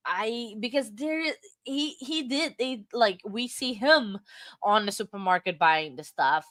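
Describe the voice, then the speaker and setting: A woman's voice: on the high side, expressive, fairly bright tone, dry recording. Hiccuping woman chatting on a livestream. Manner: rambling, self-interrupting, halting. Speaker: livestream host. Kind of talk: casual livestream chat. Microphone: desk microphone.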